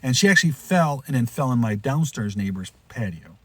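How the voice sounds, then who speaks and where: A man hosting a podcast, telling a rambling pet story in a casual way, restarting often and jumping into loud, high voices when he quotes someone. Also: lively intonation, a little fast, a little hiss or hum. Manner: rambling, with frequent restarts and asides. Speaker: podcast host.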